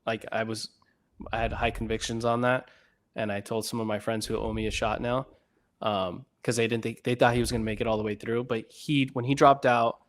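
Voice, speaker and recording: A man's voice: mid-range voice, little pitch movement, fairly quick. A man co-hosting a podcast, talking casually and pressing his co-host with follow-up questions. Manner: probing questions, conversational. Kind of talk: casual chat.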